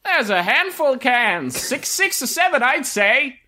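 A man voicing a pushy male carnival vendor in a tabletop game, with a high, wheedling hard-sell patter. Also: sing-song, unhurried, bright, forceful tone, full character voice.

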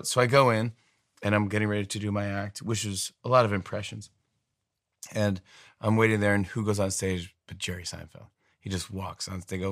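A man in his forties, a guest in an interview, telling animated, rambling stories. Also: on the low side, dry recording, clean studio sound. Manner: animated, rambling anecdotes with restarts. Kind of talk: storytelling interview chat.

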